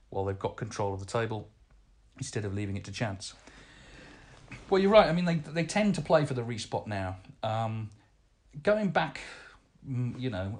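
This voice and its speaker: A man hosts a podcast, talking through listener letters in casual chat. His voice sits at an ordinary middle pitch. He speaks conversationally, often pausing on fillers and restarting his sentences. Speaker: snooker podcast host.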